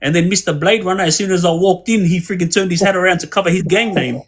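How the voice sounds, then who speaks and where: Husky man telling prison stories. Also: high-pitched, fast talker. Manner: rambling, with many restarts and quoted dialogue. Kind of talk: casual storytelling.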